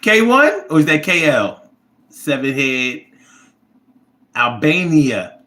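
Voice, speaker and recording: A man hosts a casual livestream and rambles through viewer comments in a blunt, profane way. His voice sits a little high and swings widely in pitch as he talks. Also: very animated, takes it slowly, bright, forceful tone. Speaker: livestream host reading chat.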